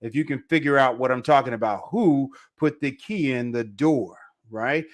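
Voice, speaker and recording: An easygoing man leads a live online Spanish class in a mid-range voice. He talks casually to his viewers and slows down to repeat Spanish phrases clearly for pronunciation. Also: medium pitch. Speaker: Spanish teacher. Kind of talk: live online language lesson.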